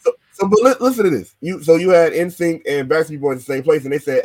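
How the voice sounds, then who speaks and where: Man, podcast co-host, slangy, rambling, slightly high voice, dry sound. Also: quick pace, a little mellow, no room sound. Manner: rambling, many fillers, slangy. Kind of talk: casual wrestling chat.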